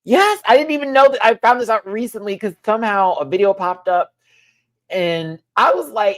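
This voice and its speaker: Animated sassy reviewer, lively swooping pitch. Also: moderate pace. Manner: animated, swings into high-pitched exclamations and sassy asides. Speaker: show reviewer. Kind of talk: casual live review.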